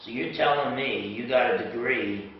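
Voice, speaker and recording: A middle-aged man teaching a class, telling stories with acted-out dialogue in an animated way. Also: mid-range voice, normal speed, slight background noise. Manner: animated storytelling, acts out dialogue. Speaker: apologetics lecturer. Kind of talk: classroom lecture with anecdotes. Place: lecture hall. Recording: echoey hall, far from mic, dull lo-fi.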